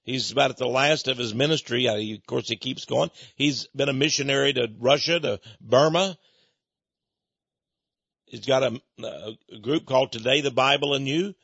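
A man preaching a sermon as a story, animated and chuckling between points, asking his listeners questions. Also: medium pitch, moderate pace, creaky, husky, dry recording, dull audio.

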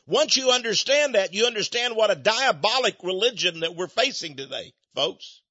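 An older American man preaching a fiery radio sermon in a fervent, preachy way, swinging between loud outbursts and low asides. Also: expressive, normal speed, no echo, muffled recording. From United States.

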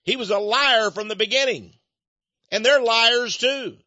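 An older man from the United States delivers a fiery radio sermon in a high, sharp voice. He preaches fervently, shifting from loud outbursts to low muttered asides. The recording is dry and dull, with a lo-fi radio sound. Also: a little slow, no room sound.

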